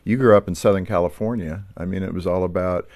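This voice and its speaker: Deep-voiced male talk host. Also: fairly even intonation, quick pace, darkish tone. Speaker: radio show host. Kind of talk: warm conversational interview.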